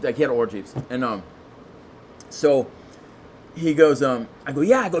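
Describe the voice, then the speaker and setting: A man who is a guest on a podcast, telling a long story in casual chat, excitable and rambling, with lots of restarts. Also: fairly high pitch, fast, long pauses.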